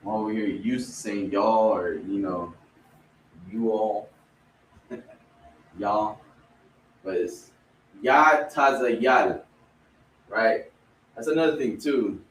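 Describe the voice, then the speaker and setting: A man's voice: slow, long pauses, a little mellow. A man with a Spanish accent teaching an online vocabulary class in a casual way, often saying "right?" as he goes. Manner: casual, repeats "right?" and "boom". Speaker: language teacher. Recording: roomy, distant mic, faint background noise.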